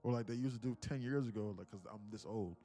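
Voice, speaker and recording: A man's voice: lowish voice, quick pace, mellow, faint music behind. Rambling male trading livestreamer. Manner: rambling, repeats words, talks to chat viewers. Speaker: day-trading livestream host. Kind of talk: casual live-stream chat.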